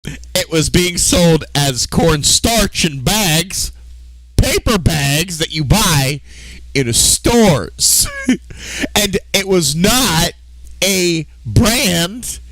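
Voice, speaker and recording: A male game streamer rambling on, full of swearing and quick self-corrections. His pitch swings widely, and the dry, close sound has no room echo. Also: lively intonation, fairly bright tone. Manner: rambling, profane, often breaks into laughter; restarts and self-corrections mid-sentence. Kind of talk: casual live-stream chat while playing.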